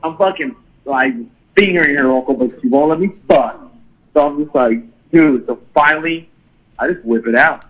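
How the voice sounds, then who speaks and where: Bright, animated man telling a crude story. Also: a little high, normal speed, rough recording. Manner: animated, profane, laughing storyteller. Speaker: guest storyteller.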